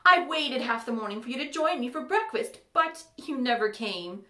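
A woman's voice: high-pitched, expressive, normal speed, bright, forceful tone, echoey room. A woman voicing a rude, pompous young prince under a charm, with a dismissive manner.

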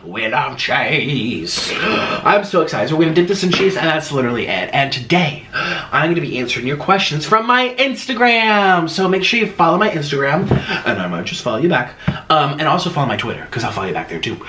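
A man chats through an eating vlog in a playful, theatrical, sing-song way. His slightly high voice swoops up and down with lots of life. The room around him sounds echoey. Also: big pitch swings, fast talker, background noise. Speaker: mukbang host. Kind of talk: casual eating vlog chat.

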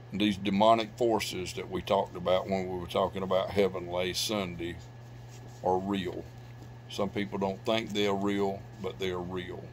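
Middle-aged pastor, low-pitched, preaching with loud swells and hushed drops, faint hum under it. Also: male voice. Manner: preaching with loud bursts of emphasis and sudden drops to quiet. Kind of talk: sermon. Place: church sanctuary.

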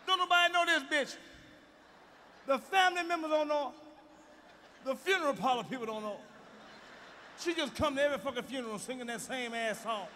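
A male stand-up comedian doing a loud, profane, mocking routine on stage. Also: very high-pitched, expressive, normal speed, long pauses, a little hiss or hum. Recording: live stage recording with hall reverb and faint ambience.

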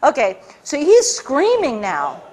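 A woman giving a public talk as an author, telling an animated story, acting out dialogue and often restarting her sentences. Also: high voice, takes it slowly.

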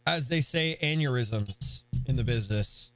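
A young man hosting a live game stream, hyped and playful, shouting greetings to his chat. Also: medium pitch, expressive, unhurried, dry recording, soft background music.

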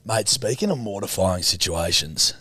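A man's voice: sits low, expressive, normal speed, sharp tone, slightly rough, no room sound. An Australian man co-hosting a podcast, telling a crude, joking story in casual chat. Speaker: podcast co-host.

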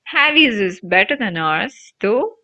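A woman's voice: mid-range voice, sing-song, slow, bright, forceful tone, exaggerated voice. Fred, a woman doing a cheeky teen wizard. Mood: teasing. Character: cheeky teenage boy wizard, teasing. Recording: dull lo-fi recording.

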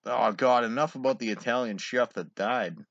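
A man's voice: mid-range voice, normal speed, a bit bright, no echo. A man casually reading jokes aloud, giggling and swearing between them. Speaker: joke reader. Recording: dull, lo-fi home recording.

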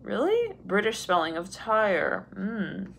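A woman giving a casual tarot reading, rambling with many fillers and laughs, and acting out quoted voices with big jumps in pitch. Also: very animated, takes it slowly, creaky, a little hiss or hum. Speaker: tarot reader.

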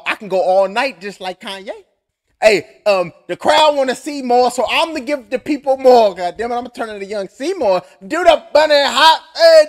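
A man doing loose, profane, clowning commentary while waiting for a fight. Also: sits high. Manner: loud, joking and profane, keeps clowning. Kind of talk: casual live-stream commentary.

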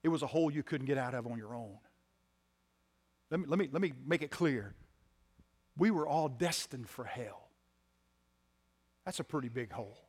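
A pastor preaching a sermon to his congregation, swinging from loud emphatic lines to quiet ones and repeating key phrases. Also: medium pitch, animated, moderate pace, long pauses, husky. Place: church sanctuary.

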